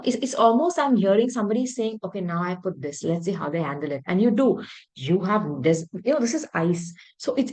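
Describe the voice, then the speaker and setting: A woman reading tarot cards for her viewers, talking in an emphatic, intuitive way, often repeating words and clearing her throat. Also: medium pitch, darkish tone, rough recording. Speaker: tarot reader.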